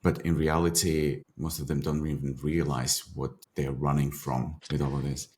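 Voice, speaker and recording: Very deep-voiced male podcast host. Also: little pitch movement, moderate pace, a little mellow. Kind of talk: interview questions.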